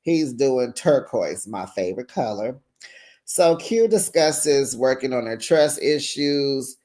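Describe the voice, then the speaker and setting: A tired but sassy host from the San Francisco Bay Area delivers casual recap commentary, chatty and full of big pitch jumps. The voice is animated and mellow, at a slow pace.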